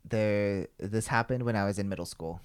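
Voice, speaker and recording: A man's voice: on the low side, normal speed, clear, resonant tone. A young man hosting a podcast, telling a story in casual chat, rambling, swearing freely and filling with "like". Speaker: podcast host.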